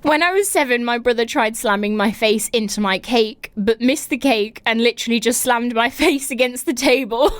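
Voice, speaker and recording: A woman's voice: on the high side, moderate pace, hardly any pauses, slight background noise. A woman hosting a podcast, reading listener stories aloud and reacting with giggly laughter and incredulous exclamations. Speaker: podcast host.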